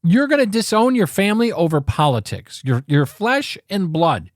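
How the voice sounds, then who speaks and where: A man's voice: high-pitched, very animated, moderate pace, no echo, clean studio sound. A man hosting a political talk show, ranting with angry, sarcastic emphasis and frequent swearing.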